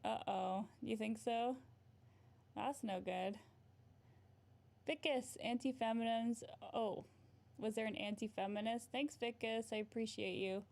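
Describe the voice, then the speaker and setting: Brief: young woman therapist hosting a casual stream, slightly gravelly, tags "right?" a lot. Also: fairly high pitch, fairly even intonation, a little slow, pauses often, a little mellow. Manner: frequent "right?" tag questions, laughs often. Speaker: therapist and livestream host. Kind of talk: casual livestream advice chat.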